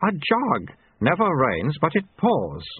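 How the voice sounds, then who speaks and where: A man's voice: fairly high pitch, huge pitch swings, slow pace, husky, dry recording, pitched above the performer's own voice, full character voice. A man voicing a plain-spoken senior monk who talks bluntly and literally. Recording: tinny phone-like audio.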